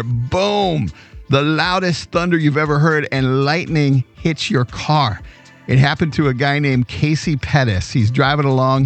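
A man hosting a radio show, telling a story in a casual, animated way. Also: mid-range voice.

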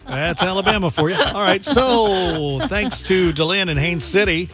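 A man's voice: high voice, moderate pace. A man hosting a radio fundraiser, upbeat, reading out donor names and their messages. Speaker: radio host. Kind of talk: radio fundraiser on-air talk.

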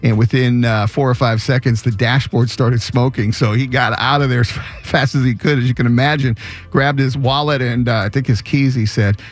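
Man, radio host, chatty storytelling, mid pitch, light music behind. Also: steady tone, normal speed. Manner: warm conversational storytelling with fillers. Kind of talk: radio show chat.

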